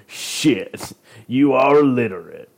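Animated man cracking jokes on a podcast. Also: medium pitch, heavy background noise. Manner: joking, laughs often, quick asides. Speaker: podcast co-host. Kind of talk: casual chat.

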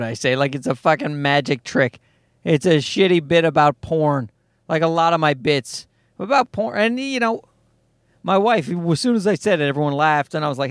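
Profane rambling podcast host, lively pitch. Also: male voice, normal speed, no echo, studio quality. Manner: profane, rambling, self-mocking. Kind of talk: casual solo podcast monologue.

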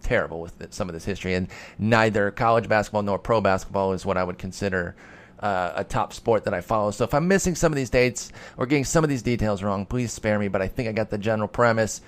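A man talks through listener questions on his own podcast. His voice sits fairly low, and he rambles loosely, often poking fun at himself and working up a mock-angry tone. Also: fast. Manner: rambling, self-deprecating, mock-heated sarcasm. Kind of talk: casual solo podcast talk.

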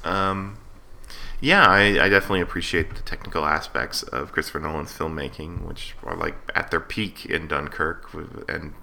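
A man's voice: rumbling low, steady tone, normal speed, gravelly, pushed and bright, slight background noise. A young man in casual movie review chat, wry and joking, with many fillers. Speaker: podcast co-host.

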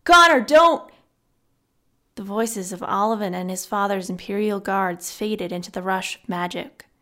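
A woman reading a fantasy novel aloud as scripted narration, in a subdued, measured voice. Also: mid-range voice, level tone. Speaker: audiobook narrator.

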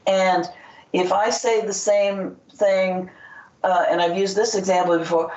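A woman's voice: medium pitch, flat delivery, a little slow, a little mellow. Woman author guest, rambling and hesitant, echoey room, muffled lo-fi sound. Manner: rambling, hesitant, many fillers and restarts. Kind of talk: casual interview talk. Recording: distant, roomy, dull audio.

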